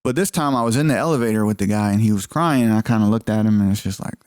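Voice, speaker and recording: A podcast co-host with a lowish, darkish, clear, and resonant voice talks very fast, recorded in a clean studio with no room sound. He tells rambling stories in casual chat, cursing freely and acting out what people said.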